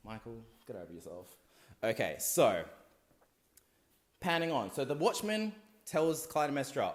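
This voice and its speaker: A man's voice: medium pitch, big pitch swings, measured pace, long pauses, reverberant. Tipsy young man rambling through a story. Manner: rambling, slangy, loud asides. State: drunk. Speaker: comic storyteller. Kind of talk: casual comic retelling of a play.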